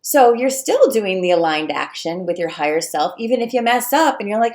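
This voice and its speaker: A woman coaching viewers on relationships in a casual talk, animated and acting out the voices of clients and fears. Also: medium pitch, brisk, hardly any pauses. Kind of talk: casual direct-to-camera advice talk.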